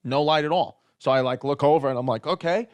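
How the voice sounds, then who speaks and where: A man's voice: mid-range voice, steady tone, fast. A man, a stand-up comedian, telling a story in a casual podcast chat. He swears freely and acts out the other people's lines in his own voice.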